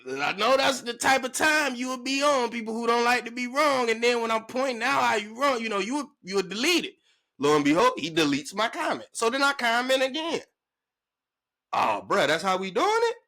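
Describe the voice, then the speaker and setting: A man ranting to camera in a sports vlog, emphatic and slangy, his pitch jumping up when he gets worked up. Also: very animated, fairly quick, gravelly, pushed and bright. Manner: emphatic, slangy, calling the listener "bruh" and "big dog". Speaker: sports vlogger.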